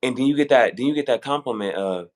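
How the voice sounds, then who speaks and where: Animated man telling stories casually. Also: medium pitch, fast talker. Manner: animated storytelling, acting out quoted voices. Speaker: guest on fashion talk show. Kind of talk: casual conversation.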